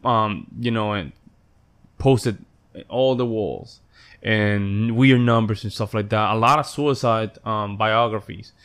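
A man in casual conversation, speaking haltingly with repeated words and brief agreements. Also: on the low side, a bit bright, clear, resonant tone. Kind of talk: casual chat.

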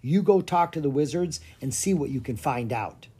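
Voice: mid-range voice, animated, normal speed, mellow, breathy edge. A storyteller voicing a brave, practical young girl in a children's storybook, speaking urgently.

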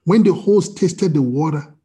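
A man preaching a sermon as pastor, telling a personal story with acted-out dialogue and swings from loud to quiet. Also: fairly high pitch, lively intonation, a little slow, slightly rough. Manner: storytelling with quoted dialogue, wide swings in loudness. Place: church service via video call.

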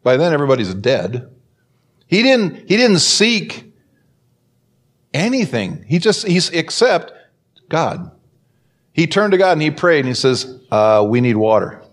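A man preaching a sermon as pastor, telling a story and acting out the quoted voices with big swings in pitch. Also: very animated, a little slow, long pauses.

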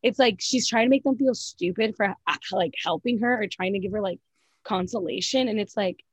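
A woman's voice: medium pitch, fairly quick, slightly rough, no echo, rough recording. A woman co-hosting a casual recap of a reality show, blunt and profane, filling her talk with "like" and "literally". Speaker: podcast co-host.

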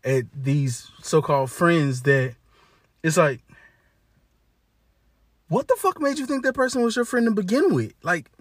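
A man's voice: fairly high pitch, animated, measured pace, pauses often, no room sound, clean studio sound. A man ranting in a casual, blunt monologue, cursing heavily and talking in slang, with lots of restarts. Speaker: monologue speaker. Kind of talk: profane casual rant.

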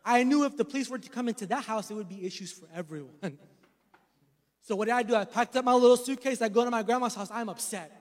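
A man's voice: extremely high pitch, quick pace, in a large hall. A man in his thirties preaching a sermon, mixing a personal story with emphatic preaching. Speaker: pastor.

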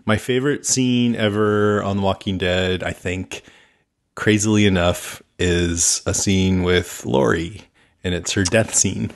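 A man's voice: low voice, steady tone, a little slow, gravelly. A man co-hosting a fan podcast, talking casually and laughing often as he recounts scenes. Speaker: podcast co-host. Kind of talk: casual chat.

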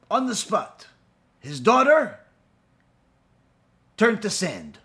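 A man gives an animated Torah lecture, retelling Talmud stories and voicing the people in them. His voice sits high and bright, with wide, lively swings in pitch. The delivery is dramatic and storytelling-driven. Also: drawn-out words, pauses often. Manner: dramatic storyteller, acts out the characters' lines. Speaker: rabbi teaching a Torah class.

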